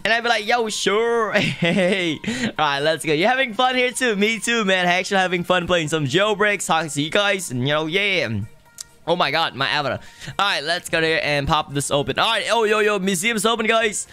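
A man's voice: high voice, lively intonation, fairly quick, bright, forceful tone, clear, resonant tone, soft background music. A young man live-streaming a game, chatting casually and greeting viewers in the chat one after another.

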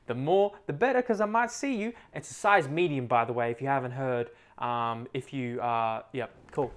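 A man's voice: medium pitch, moderate pace. A young Australian man co-hosting a music review, chatting casually with blunt, sarcastic asides. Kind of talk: casual reaction chat.

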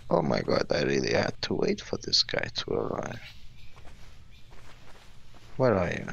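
A man's voice: rumbling low, huge pitch swings, measured pace, vocal fry, a bit bright, slightly rough, lo-fi sound. A man giving casual, jokey gameplay commentary and talking back to the characters on screen. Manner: jokey, talks to game characters. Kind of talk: casual let's-play commentary.

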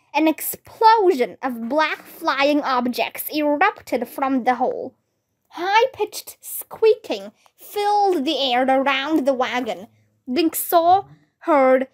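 A woman with a Vietnamese accent reading a children's book aloud, slowly and carefully, giving the kids' dialogue some life. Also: sits high. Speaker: reader.

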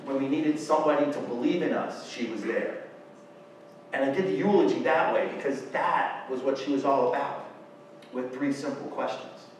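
A man's voice: medium pitch, normal speed, slight background noise. A man giving a personal storytelling talk from a stage, speaking in a heartfelt, emotional way and sometimes stumbling over his words. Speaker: keynote speaker. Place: lecture hall or stage. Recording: roomy hall from far off.

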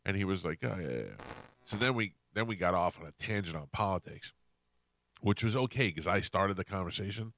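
A man hosting a radio show, telling a story in a casual, animated way and acting out what people said. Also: deep voice, fairly quick. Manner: animated, acts out quotes in shifting voices. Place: radio studio. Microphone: studio microphone.

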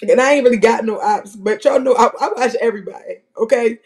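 Gravelly, profane streaming commentator. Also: medium pitch, fast. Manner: rambling, profane, animated storytelling. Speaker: livestream commentator.

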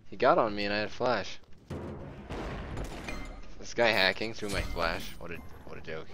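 Excitable young man commenting his gameplay. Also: fairly low pitch, normal speed, vocal fry, noisy background. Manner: excitable and joking, breaks into shouts, swears. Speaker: gamer streaming his match.

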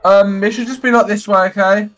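A man's voice: sits high, steady tone, a little fast, fairly bright tone, soft background music. A man in gaming role-play commentary, hesitant, with frequent ums and apologies. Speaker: gaming partner playing a pilot.

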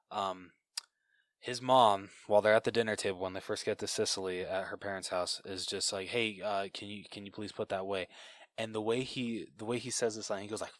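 A man's voice: fairly low pitch, no room sound. A man co-hosting a podcast in a laid-back, casual chat about a film, reenacting lines and laughing. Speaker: podcast co-host. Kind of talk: casual movie review chat.

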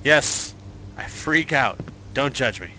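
A man gives horror game commentary in a slow, unhurried way, narrating each of his own moves and tossing joking asides to himself. His pitch swings widely from line to line. A steady hiss of noise sits clearly behind his voice. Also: low-quality recording. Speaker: let's play host.

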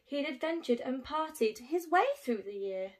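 A woman teacher reading a rhyming picture book aloud to young children in an expressive, sing-song way. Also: high voice, moderate pace.

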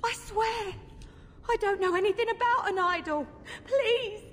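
A woman's voice: very high-pitched, unhurried, in a large hall, a little hiss or hum. An actress voicing a terrified young woman trapped in a haunted house, pleading in panic in a video game.

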